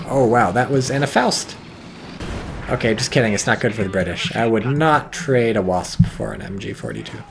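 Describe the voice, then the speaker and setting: A man giving casual, profane, excitable commentary on a strategy game match, with wry asides. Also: on the low side, normal speed, creaky, slight background noise. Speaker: game caster.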